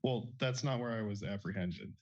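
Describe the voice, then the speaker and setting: A man speaking as a defendant in a courtroom hearing, hesitant and halting with many fillers. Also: lowish voice, darkish tone, no echo. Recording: dry, dull lo-fi courtroom audio.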